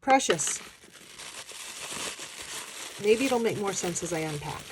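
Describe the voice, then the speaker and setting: A woman chatting casually as a craft vlogger, gushing and excited, often gasping as she unboxes. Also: on the low side, brisk, background noise.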